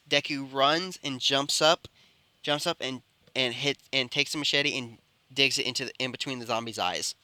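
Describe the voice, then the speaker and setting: A man's voice: medium pitch, pushed and bright, clear, resonant tone, no room sound. A man improvising a fan-fiction story, rambling and often correcting himself. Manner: rambling, with frequent self-corrections. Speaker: storyteller and channel host.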